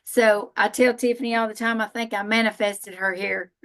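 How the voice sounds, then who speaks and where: A woman's voice: on the high side, fairly even intonation, normal speed, a bit bright. Laughing Southern woman from Alabama. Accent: Southern American. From Northern Alabama, USA. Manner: folksy, self-deprecating, laughs often. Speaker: panel speaker, spiritual practitioner. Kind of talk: talk at a live panel.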